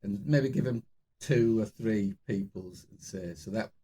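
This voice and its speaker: A man's voice: fairly low pitch, measured pace, dark tone, a little hiss or hum. A man co-hosting a casual chat, chatty and thinking aloud, often chuckling. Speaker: podcast co-host.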